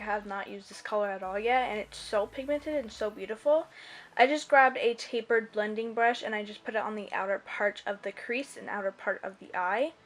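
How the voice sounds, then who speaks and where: A young woman narrating a casual makeup tutorial as a voiceover, chatty and rambling with many ums and likes. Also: fairly high pitch. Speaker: beauty vlogger. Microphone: voiceover mic.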